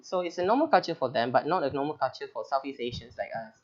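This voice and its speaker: A man with a Malaysian English accent walks teachers through essay corrections, chatty and fond of small jokes. His pitch sits in the middle range. The audio is a little muffled, like an online webinar. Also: animated, fast talker. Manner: chatty, joking, explanatory. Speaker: teacher trainer.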